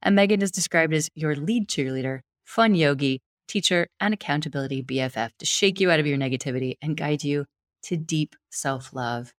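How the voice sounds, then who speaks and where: A woman's voice: deep voice, a little fast. A woman from Wyoming hosting a podcast, introducing her guest in an enthusiastic, gushing way. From Wyoming, USA. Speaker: podcast host. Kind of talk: podcast introduction and interview chat.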